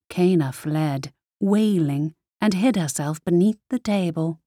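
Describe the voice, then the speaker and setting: Woman narrator, audiobook, slow deliberate reading, lowish voice. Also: dark tone, dry recording, clean studio sound. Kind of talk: scripted fantasy narration.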